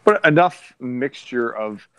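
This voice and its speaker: A father talks about his son in a casual podcast chat, his mid-range voice expressive, fairly bright, clear and resonant. He rambles, stalls, and keeps starting over. There's no room sound, but the audio quality is poor.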